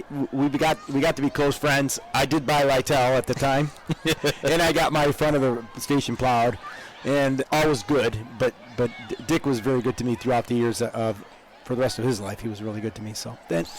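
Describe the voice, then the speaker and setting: A man's voice: medium pitch, steady tone, normal speed, hardly any pauses, low-quality recording. An older man from upstate New York, co-hosting live parade coverage outdoors, chatty and rambling, with frequent laughs. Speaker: parade co-host.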